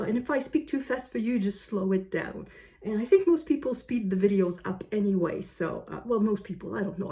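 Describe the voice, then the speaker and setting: A woman's voice: medium pitch, dark tone. Chatty, rambling woman book vlogger. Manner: rambling and self-correcting, with frequent fillers and quick asides. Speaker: book video host. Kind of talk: casual chatty vlog talk.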